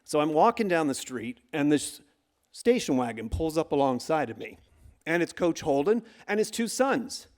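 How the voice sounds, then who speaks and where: A middle-aged man telling a true story live on stage, acting out the coaches' shouts with lively energy. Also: on the high side, normal speed. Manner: animated, acts out the shouts of coaches. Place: stage before a live audience.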